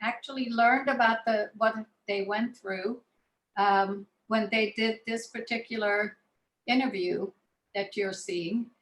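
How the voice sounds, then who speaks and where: A woman's voice: mid-range voice, steady tone, slow, fairly bright tone. Storytelling woman in an echoey room. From Israel. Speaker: speaker. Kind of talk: personal storytelling talk.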